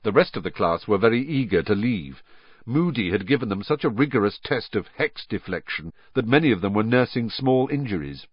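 A man narrating an audiobook in a steady, expressive reading. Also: lowish voice, fairly quick, breathy edge, no echo, lo-fi sound.

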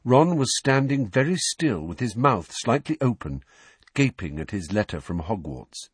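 An audiobook narrator with a husky, lively male voice of medium pitch reads scripted narration at an unhurried pace, recorded dry. His storytelling is expressive and full of character voices.

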